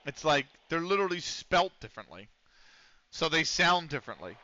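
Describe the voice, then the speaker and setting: A man's voice: a little high, sing-song, moderate pace, bright, forceful tone, muffled recording. A man chatting casually on a game livestream, rambling and swearing while he reacts to the match. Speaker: streamer playing a football management game. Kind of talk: casual livestream chat with commentary.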